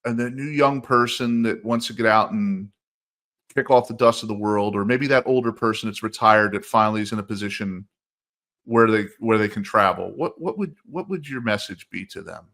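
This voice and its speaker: Low-voiced man hosting an interview. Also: normal speed. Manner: relaxed, brief prompts and backchannels. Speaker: interview host. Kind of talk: casual interview questions.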